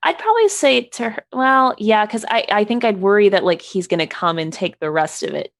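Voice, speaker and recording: A woman's voice: medium pitch, expressive, a little fast. A woman playing in a tabletop game, chatting casually and hedging with fillers. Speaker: player.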